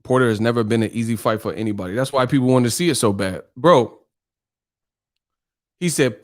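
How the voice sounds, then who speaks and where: A man's voice: mid-range voice, fairly quick, pauses often. A man hosting a boxing livestream, chatting casually with his chat, joking and swearing, laughing often and mimicking voices. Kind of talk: casual livestream chat reading viewer comments.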